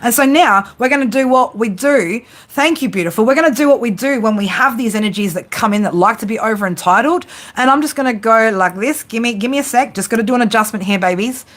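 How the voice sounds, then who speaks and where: Talking fast with hardly any pauses, a woman with a fairly high pitch rants on her tarot livestream. She's blunt, heated and defiant toward viewers, and she swears heavily.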